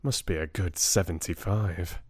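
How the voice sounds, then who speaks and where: A man's voice: sits low, a little slow, breathy edge, dry recording, clean studio sound. A man voicing a wry, amused young British woman in an audiobook. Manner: light, amused, lively. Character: young woman, new royal girlfriend, wry.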